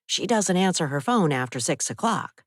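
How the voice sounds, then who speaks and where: A woman reading the part of a cautious male violin teacher in an audiobook, speaking softly and soothingly. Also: on the low side, lively intonation, moderate pace, no echo, clean studio sound. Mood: measured. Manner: soft, soothing delivery. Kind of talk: audiobook character voice.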